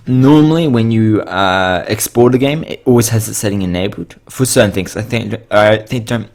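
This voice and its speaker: A man's voice: lowish voice, moderate pace, few pauses, darkish tone. A man hosting a casual coding tutorial, losing his voice and sounding tired and sick, rambling with frequent fillers and self-corrections.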